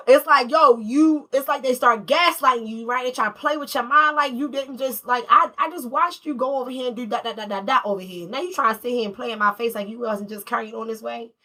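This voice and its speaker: Woman tarot reader, bright and forceful, fighting a cold, profane streetwise storyteller. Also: fairly high pitch. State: has a cold. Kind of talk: casual collective tarot reading.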